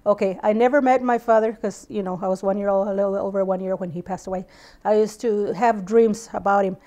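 A woman's voice: medium pitch, a little fast. A woman in her sixties from South Texas, telling family stories in an oral history interview and acting out the voices in them. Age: 60s. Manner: animated storyteller who acts out dialogue.

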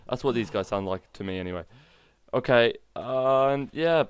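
A man hosting a gaming channel, chatting excitably and poking fun at himself while showcasing a game mod. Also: medium pitch, measured pace, clear, resonant tone. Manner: excitable, chatty, self-mocking.

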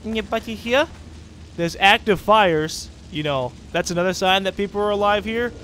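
A young man casually commenting on his gameplay as a let's play host, chatty and sarcastic with excitable outbursts. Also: high-pitched, fast, slight background noise.

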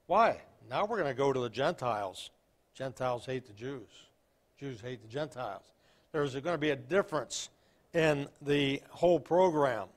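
A man's voice: medium pitch, lively intonation, normal speed. An older man preaching a folksy Baptist sermon, telling stories and reading King James verses with emphasis.

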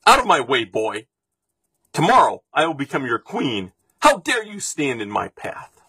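A man reading a storybook aloud, voicing a proud, greedy young woman who is haughty and falsely sweet, with a husky voice. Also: mid-range voice, sing-song, measured pace, sharp tone, no room sound, full character voice.

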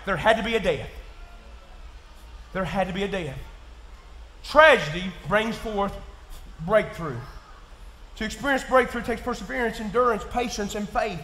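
A man with a Kentucky accent preaching in church, folksy and plain-spoken, dropping to quiet asides and rising to shouts. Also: high voice, normal speed, pauses often. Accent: Southern US, Kentucky. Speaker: pastor. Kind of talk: sermon. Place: church sanctuary. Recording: echoey church room.

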